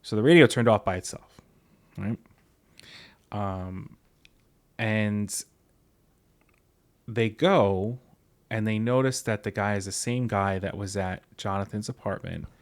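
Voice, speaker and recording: A man's voice: on the low side, takes it slowly, pauses often. A man hosting a podcast book club, casually paraphrasing a story from memory. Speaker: podcast host.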